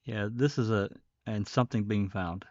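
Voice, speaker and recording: A man's voice: on the low side, steady tone, a little mellow, no room sound. Rambling man hosting a stream. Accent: faint Southern American. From American South. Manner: rambling, halting, many fillers. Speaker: livestream host. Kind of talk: casual commentary. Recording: dull dry lo-fi stream.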